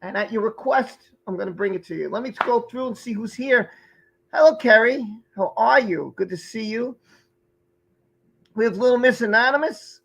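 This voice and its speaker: A man's voice: very high voice, normal speed, vocal fry, a bit bright, a little hiss or hum, low-quality recording. A man hosting a live stream, chatting casually and greeting viewers by name from the chat, sometimes stumbling over their names. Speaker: livestream host.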